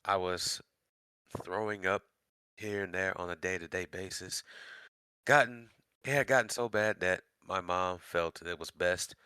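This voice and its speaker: A man's voice: low-pitched, pushed and bright, clean tone, dry recording. A man, a podcast guest and voice actor, telling his personal story in an easygoing casual chat.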